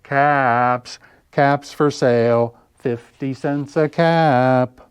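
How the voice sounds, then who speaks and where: A man voicing a frustrated male cap peddler who shouts and scolds, in a storybook read-aloud. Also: mid-range voice, steady tone, very slow, clear, resonant tone, no echo, pitched above the performer's own voice. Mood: calling out. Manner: shouting, exasperated.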